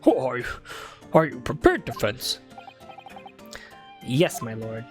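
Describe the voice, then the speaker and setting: Woman doing a strict formal judge guy, measured, lowish voice w music. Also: big pitch swings, full character voice. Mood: stern. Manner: formal, measured courtroom speech. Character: stern older male judge, formal.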